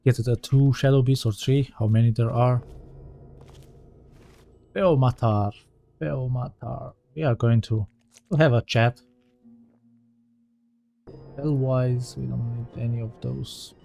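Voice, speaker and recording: A man's voice: medium pitch, little pitch movement, unhurried, creaky, pauses often, mellow, soft background music. A man giving casual let's-play commentary as he plays, thinking aloud and often correcting himself mid-sentence. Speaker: gaming channel host.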